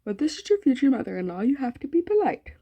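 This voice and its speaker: A friendly, lightly teasing young mother from a visual novel, as a woman reads her lines aloud. The voice is husky and mellow, close to an everyday speaking voice. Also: sits high, very animated, fast talker, voice pushed up, heavily acted. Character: friendly young-looking mother, a bit odd. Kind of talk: reading character dialogue in a visual novel.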